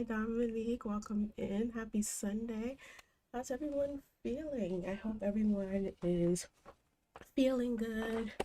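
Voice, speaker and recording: A woman's voice: medium pitch, slight background noise. Congested woman chatting on a game stream. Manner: gentle, greets viewers by name. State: congested from a cold. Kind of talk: casual stream chat.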